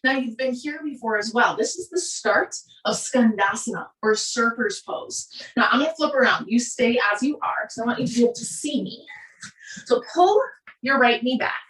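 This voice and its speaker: Calm Minnesotan woman leading yoga. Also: a little high, normal speed. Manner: calm, steady breath-paced cueing. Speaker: yoga instructor. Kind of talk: guided yoga class cues. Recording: roomy echo, voice from a distance.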